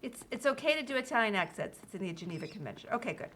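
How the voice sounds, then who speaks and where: Animated high-voiced woman streamer. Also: rapid-fire, a little hiss or hum. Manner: chatty, reads game dialogue aloud, greets chat viewers. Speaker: streamer playing a video game. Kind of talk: casual live-stream chat.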